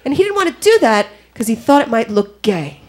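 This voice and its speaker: A woman doing a brash, profane stand-up comedy set at a comedy club, animated throughout, in a live club recording with audience noise. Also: a little high, a little fast. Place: New York comedy club.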